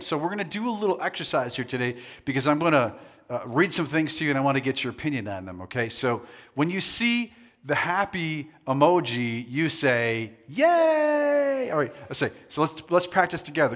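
Pastor, male, animated and upbeat, jokes with the crowd, then preaches in earnest; higher voice. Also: brisk. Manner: playful, leads the crowd in call-and-response; shifts from jokey banter to earnest preaching. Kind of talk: sermon. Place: church hall with a live congregation.

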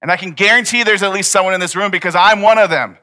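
Young male pastor, bright and a touch high, casual sermon delivery. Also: fairly even intonation, fast talker. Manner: casual, conversational preaching with many "like"s. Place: church hall before a congregation.

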